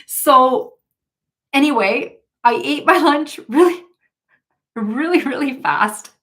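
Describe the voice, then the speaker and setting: A woman's voice: high-pitched, lively intonation, takes it slowly, a bit bright. Chatty woman hosting a tarot live stream. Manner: chatty, laughs often, many fillers and restarts. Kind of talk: casual storytelling while reading viewer comments.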